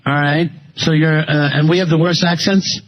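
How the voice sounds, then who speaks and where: High-voiced sarcastic radio host man. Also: steady tone. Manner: sarcastic, quick teasing questions to callers. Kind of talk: talk radio call-in banter. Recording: slightly dull radio broadcast with faint hiss.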